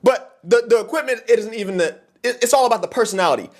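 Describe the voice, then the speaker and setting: A man's voice: high voice, quick pace. A man making a heated, profane monologue video, ranting to the camera as a content creator. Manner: heated, profane, animated rant.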